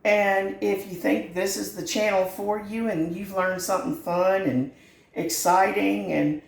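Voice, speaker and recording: A woman's voice: medium pitch, fairly even intonation, measured pace, creaky, roomy sound. A middle-aged woman, hosting a home cooking channel in a folksy, earnest and sentimental chat from her kitchen. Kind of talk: heartfelt direct-to-camera chat.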